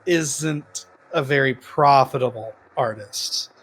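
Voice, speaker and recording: A man's voice: medium pitch, slow, fairly bright tone, husky. A man co-hosting a podcast, casually retelling a horror film plot with lots of ums and laughs. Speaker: podcast co-host. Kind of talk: casual film-review chat.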